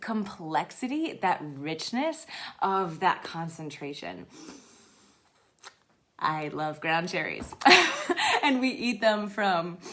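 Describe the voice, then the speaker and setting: Low-voiced enthusiastic woman. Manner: enthusiastic, laughs often, drops to soft whispers. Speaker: seed company host. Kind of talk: live Q&A chat.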